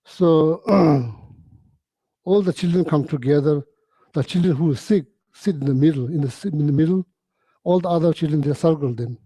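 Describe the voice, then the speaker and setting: Halting man with a husky mellow voice. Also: a little high, no echo, poor audio. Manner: halting, repeats phrases, frequent throat clearing, non-native English. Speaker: Buddhist teacher. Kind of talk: informal dharma talk.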